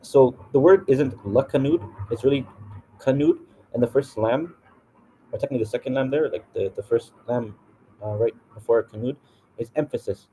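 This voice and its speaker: A Quran teacher with a North American accent explains Quranic verses in a relaxed, classroom-style way, full of fillers and restarts. His mid-range voice moves briskly, and the poor audio carries slight background noise.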